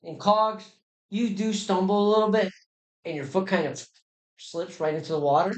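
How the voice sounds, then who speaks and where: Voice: mid-range voice, normal speed, poor audio. A game master narrating a homebrew tabletop game in a casual, loose way, with restarts and mouth sound effects.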